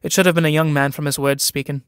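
A man's voice: on the high side, fairly even intonation, fast, clean tone, dry recording, clean studio sound, close to an everyday voice. A man reading a play aloud, voicing a timid, awkward young man who speaks uneasily and is easily shocked.

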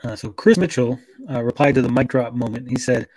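A man's voice: mid-range voice, steady tone, a little fast, few pauses, a little mellow. A man co-hosting a casual podcast, reading out social media posts with sarcastic asides. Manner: sarcastic, reads posts aloud with mock voices. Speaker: podcast co-host. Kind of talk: casual chat reading tweets aloud.

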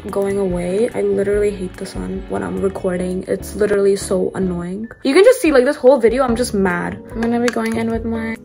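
Faint music plays behind a young woman vlogging her makeup routine in a warm, creaky, medium-pitched voice. She talks a little fast with few pauses, upbeat and full of fillers, though her voice is slightly going.

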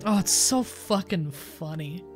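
A woman's voice: on the low side, animated, measured pace, soft background music. Laughing, swearing woman streamer. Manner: rambling, profane, laughs often. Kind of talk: casual gaming stream chat.

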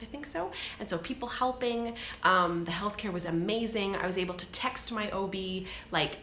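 Chatty woman vlogger in her thirties, bright forceful voice, echoey room, faint noise behind. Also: mid-range voice, normal speed. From Canada. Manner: chatty, laughs often, animated storytelling. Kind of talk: casual live chat to viewers.

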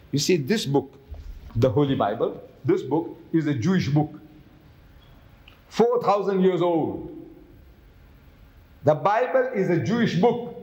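Male lecturer, slightly high voice, roomy hall sound, rhetorical questioning style. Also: darkish tone. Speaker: religious lecturer. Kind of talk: public lecture.

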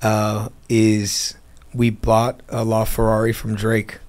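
A man's voice: fairly low pitch, monotone, takes it slowly, a little mellow. A man, a guest in a casual interview, telling a long story and acting out the phone calls in it. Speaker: interview guest, car dealer.

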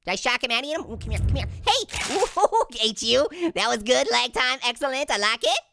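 A man's voice: very high voice, lively intonation, brisk, gravelly, background noise, exaggerated voice. A man voicing a cheeky, hyper talking orange who giggles constantly while he trash-talks through a let's-play game commentary, goofy and boastful with potty jokes. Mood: giddy, taunting. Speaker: gamer. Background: game music.

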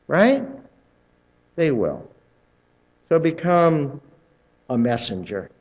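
Male pastor, church sermon, lively swooping delivery, conversational, acts out chatty voices. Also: mid-range voice, unhurried, pauses often, highs cut off. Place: church sanctuary.

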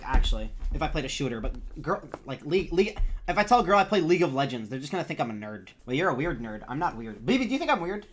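A young man streaming a game, chatting casually, laughing a lot, swearing and shouting at the game. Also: mid-range voice. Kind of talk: casual live-stream chat while gaming.

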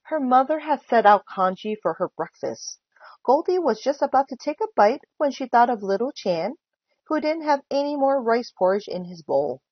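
A woman volunteer reading a children's book aloud with expressive storytelling. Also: fairly high pitch, moderate pace, breathy edge, dry recording, highs cut off. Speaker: volunteer reader.

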